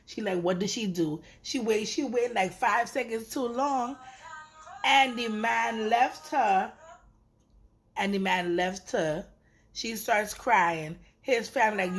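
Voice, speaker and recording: A woman giving a casual, sassy review of a reality show. She speaks bluntly and profanely and mimics the people she talks about. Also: lowish voice. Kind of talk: casual reaction review, animated retelling.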